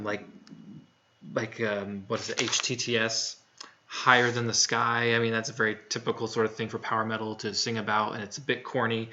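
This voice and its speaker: A man's voice: medium pitch, sharp tone, muffled recording. A man talking casually through a music review in a frank, plainspoken way, with lots of fillers and restarts. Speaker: album reviewer.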